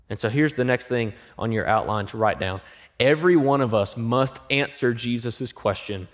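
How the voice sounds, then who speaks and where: A man pastor preaching a sermon, acting out quoted voices and dropping to hushed, emphatic lines. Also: mid-range voice, lively intonation, normal speed. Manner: acts out quoted voices and asks the congregation questions.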